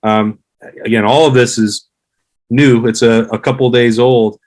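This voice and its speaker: A man in his thirties, a guest on a sports podcast, giving measured, analytical views in casual chat. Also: medium pitch, steady tone, a little mellow, rough recording. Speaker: podcast guest, former player.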